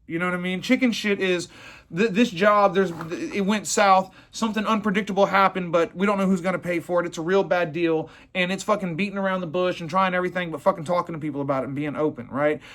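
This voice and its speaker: A man's voice: high voice, fairly even intonation, quick pace, fairly bright tone. A man who owns a plumbing business, giving a blunt, profane, rambling motivational talk.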